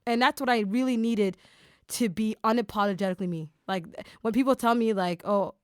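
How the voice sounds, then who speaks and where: A woman's voice: a little high, fairly quick, smooth, no room sound, clean studio sound. A woman hosting a podcast in casual chat, talking in enthusiastic bursts with lots of fillers. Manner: animated, enthusiastic, talks in bursts with many fillers. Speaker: podcast host.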